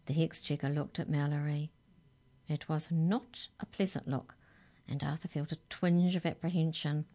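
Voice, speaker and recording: Low-voiced Kiwi storyteller. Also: female voice, level tone, normal speed, dark tone. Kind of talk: children's story reading on radio.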